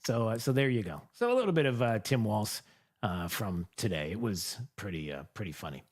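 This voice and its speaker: A man hosts a political commentary show in a sarcastic, mocking tone. His voice is animated and swings widely in pitch as he talks into the mic. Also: fairly quick.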